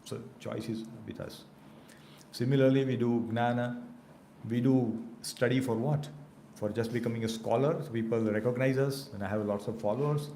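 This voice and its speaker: A man's voice: mid-range voice, steady tone, moderate pace, warm tone. A man teaching a devotional scripture class, talking conversationally and often checking in with "right?". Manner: conversational, keeps asking "right?". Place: temple hall. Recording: echoey room, faint background noise.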